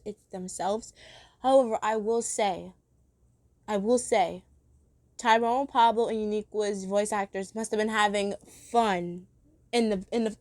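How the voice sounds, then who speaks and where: A woman talks through a review in a loose, rambling way, full of fillers, restarts and laughter. Her voice sits a little high, and it is recorded dry and close with no room sound. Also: a little mellow, no room sound. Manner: enthusiastic, laughs often. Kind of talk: casual spoken review.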